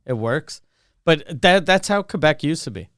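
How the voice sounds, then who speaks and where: Guy on a comedy podcast, kinda high voice, smooth and dry, acts out quotes when he tells a story. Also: animated, moderate pace, a bit bright, dry recording. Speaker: podcast co-host. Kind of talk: casual chat.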